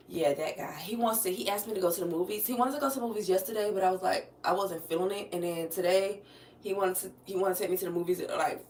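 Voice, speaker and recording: An American woman chats loosely with her live-stream viewers from home, moving about the room and swearing casually. Her voice is on the low side with a fairly bright tone, picked up off the mic with a roomy sound.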